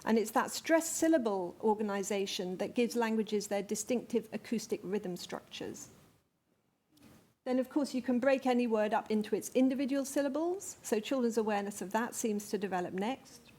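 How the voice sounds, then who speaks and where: A woman's voice: on the high side, normal speed, warm tone. A woman, speaking, gives a conference talk. She explains things carefully, with some fillers and restarts. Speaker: lecturer. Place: conference venue.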